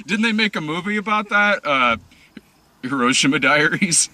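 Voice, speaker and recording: A man's voice: a little high, animated, normal speed, pushed and bright. A man cracking jokes and laughing often in a casual movie-riffing chat. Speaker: movie review host. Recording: noisy room recording.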